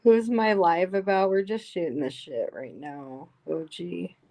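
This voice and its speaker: A woman hosts a casual live stream, reading viewer comments aloud and reacting to them. She is chatty and emphatic, her voice somewhat low and getting worn, and she takes her time, talking slowly. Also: dark tone.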